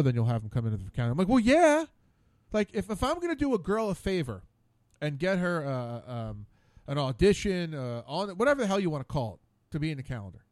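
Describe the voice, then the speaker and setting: A high-voiced man hosts his own radio show alone at a studio mic, rambling casually and stammering and repeating words out of exasperation. The recording is dry.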